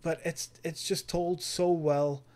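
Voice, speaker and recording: Taking it slowly with little pitch movement, this man's fairly high, slightly mellow voice carries his earnest enthusiasm. He co-hosts a gaming podcast and recommends games in casual chat.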